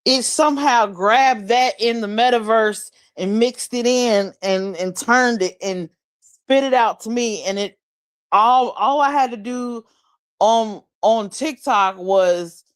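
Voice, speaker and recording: A woman's voice: fairly high pitch, slow, smooth. A woman chatting casually on a livestream, telling a rambling story with lots of laughs and swearing.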